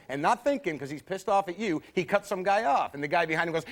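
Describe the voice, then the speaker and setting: A man's voice: fairly high pitch, big pitch swings, quick pace, few pauses, slight background noise. A man doing a stand-up set on a TV studio stage, acting out the voices of the people he describes. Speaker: stand-up comedian. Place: TV studio stage before an audience. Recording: broadcast stage sound with audience laughter. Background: audience laughing.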